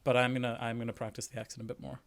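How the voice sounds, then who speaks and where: A man hosting a stream, chatting in a relaxed way and thinking aloud. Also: medium pitch, very fast, vocal fry, background noise. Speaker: streamer host. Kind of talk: casual chat on a stream.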